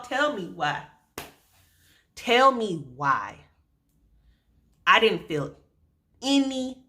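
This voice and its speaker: Young woman vlogger, animated storyteller, fairly low pitch, bright forceful tone, sarcastic edge. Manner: animated, colloquial, sarcastic asides. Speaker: vlogger telling her birth story. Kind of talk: casual storytelling to camera.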